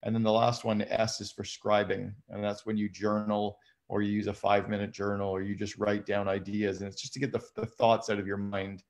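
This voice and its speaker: Gravelly low-voiced man explaining habits. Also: monotone, a little fast, hardly any pauses. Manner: conversational, explains habits step by step. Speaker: guest. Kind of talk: casual live conversation.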